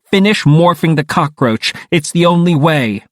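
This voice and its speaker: A steady, coaxing teenage girl from an audiobook, gentle on the surface but quietly persuasive, read by a man. Her delivery rises and falls with lively pitch, and the sound is dry and close. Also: a little slow, no room sound. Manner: calm, coaxing.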